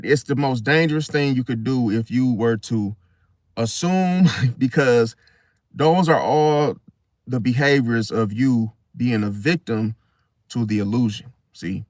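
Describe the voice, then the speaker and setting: A man speaks in a loose, conversational monologue at an ordinary middle pitch. He repeats himself and drops to a soft "see?" at the end of his points. The sound is dry and close, with no room echo. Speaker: astrology video host. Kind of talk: casual monologue.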